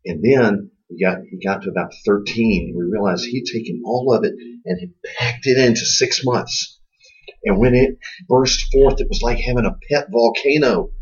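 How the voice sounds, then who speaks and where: A man's voice: medium pitch, husky. A man with a mid-range voice that swings up and down as he tells his stories. He talks with wry humor, and the recording sounds a bit dull and lo-fi. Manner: expressive storyteller, wry humor. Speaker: co-host, Christian homeschooling parent. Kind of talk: conversational podcast talk.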